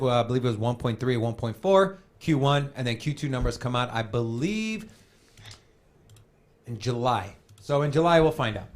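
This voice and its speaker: Animated male crypto show host. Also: medium pitch. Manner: animated, joking, addresses viewers as guys. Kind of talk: casual podcast banter.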